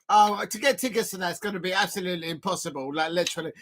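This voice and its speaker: An excitable man hosts a live football watch-along, his voice bright and forceful. He jumps from playful jokes to loud, despairing outbursts. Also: sits high, fast talker, slight background noise. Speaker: football fan channel host.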